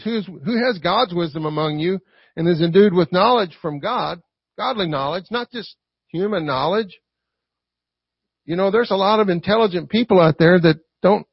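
A man's voice: high-pitched, gravelly, husky, dry recording. A man preaching a conversational sermon to a congregation, often checking in with "right?". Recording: dull lo-fi recording.

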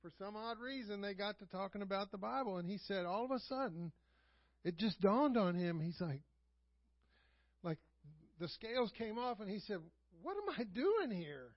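Speaking at normal speed, a high-pitched pastor preaches in a church sanctuary, telling stories like casual conversation and challenging listeners with rhetorical questions. Frequent chuckles punctuate the sermon, captured in a dry, dull, lo-fi recording without room echo.

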